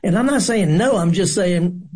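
A man's voice: high-pitched, animated, normal speed, darkish tone, husky. A man hosting a gardening radio show in a studio, talking in a folksy, rambling way and telling corny jokes. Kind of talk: casual radio talk.

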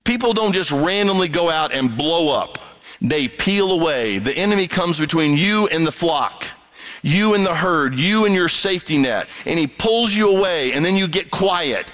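A man preaching a sermon from Proverbs, animated, acting out quotes and sound effects as he goes. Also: sits high, rough recording.

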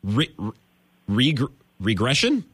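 A man's voice: medium pitch, wildly swooping pitch, slow pace, a bit bright, slightly rough, dry recording. A man hosting a sports talk radio show, ranting emphatically with mock exasperation. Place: radio studio.

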